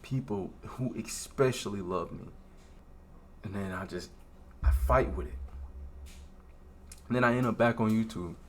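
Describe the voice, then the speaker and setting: Young male faith vlogger, low voice, earnest and halting, faint hiss in the background. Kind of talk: confessional vlog talk.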